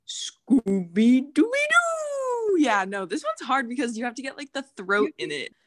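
Casting: young female guest, lively pitch, excitable laughter. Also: fairly quick. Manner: laughing, enthusiastic. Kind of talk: casual chat.

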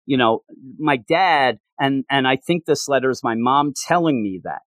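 A podcast co-host recapping a story in casual chat, rambling and restarting often, with lively retelling. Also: mid-range voice, moderate pace, no echo.

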